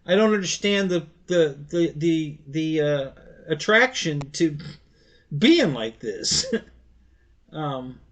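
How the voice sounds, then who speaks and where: Rambling middle-aged man, slightly high voice. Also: expressive. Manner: rambling, halting storyteller with many restarts; laughs easily while telling stories. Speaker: live-stream host. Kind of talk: casual live-stream chat.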